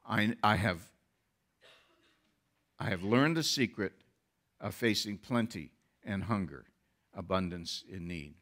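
A man's voice: lowish voice, animated, takes it slowly, long pauses, a bit bright. A man who is a pastor, preaching a sermon with earnest rising emphasis.

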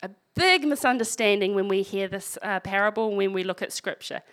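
A woman preaches to a congregation, moving between measured scripture reading and casual, wry commentary. Her voice sits at a middle pitch for a woman. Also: fairly bright tone. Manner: conversational, wry asides while reading scripture. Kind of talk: sermon.

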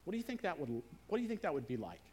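A man preaching a sermon in a conversational way, slowing down and softening his voice to stress key words. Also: sits high, very animated, husky.

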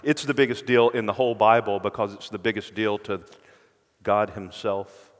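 A man's voice: lowish voice, fairly even intonation, moderate pace. Man preaching a sermon in a reverberant hall. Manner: earnest preaching, dropping to hushed emphasis. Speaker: pastor.

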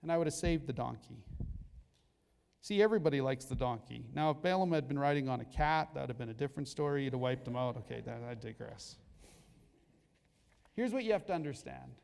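A male pastor giving a sermon, telling a Bible story in an animated way with jokey asides. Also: mid-range voice, quick pace, creaky, clear, resonant tone. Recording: long hall reverb.

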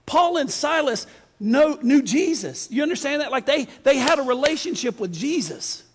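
Man, pastor, folksy animated sermon, high-pitched, long hall reverb. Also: moderate pace, a little hiss or hum. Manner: folksy, animated, addresses congregation directly.

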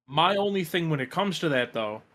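A man's voice: on the high side, expressive, normal speed, a bit bright, slight background noise. A man co-hosting a wrestling podcast in casual chat, rambling with lots of fillers. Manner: chatty, lots of likes and you knows. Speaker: podcast co-host.

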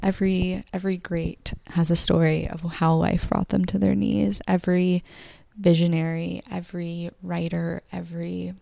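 A woman's voice: on the low side, little pitch movement, normal speed, creaky, hardly any pauses, warm tone, no echo. A woman hosting a podcast, talking in an emotional, encouraging monologue to her listeners, swearing casually and close to tears. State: near tears. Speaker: podcast host.

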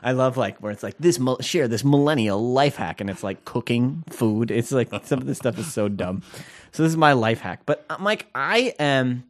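A man's voice: mid-range voice, expressive, moderate pace. A man in his thirties co-hosting a podcast, rambling and chatty with lots of fillers. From Scandinavian heritage. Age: 30s. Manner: chatty and rambling, many fillers, laughs easily. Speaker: podcast co-host. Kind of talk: casual podcast banter.

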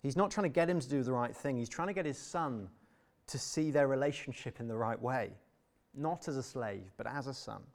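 A young adult man preaching a sermon in an earnest, emphatic way, sometimes dropping to a soft, tender tone. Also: medium pitch, a little fast.

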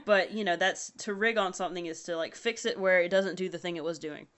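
A woman from the US South chatting casually in a relaxed, wry way. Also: fairly low pitch, a little fast, clear, resonant tone. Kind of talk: casual chat.

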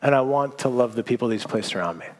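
A man preaching a sermon, telling a personal story in a lively, self-mocking way. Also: medium pitch, fast. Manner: animated storytelling, self-mocking, laughs at himself. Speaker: pastor. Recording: long hall reverb.

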